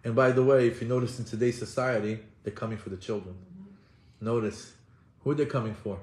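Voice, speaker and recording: A man teaching as a rabbi in a storytelling sermon, acting out the quotes in lively bursts and switching between Hebrew quotations and English translation. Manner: animated, acts out quotes with rising pitch and fast bursts. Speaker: rabbi giving a Torah class. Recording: echoey room.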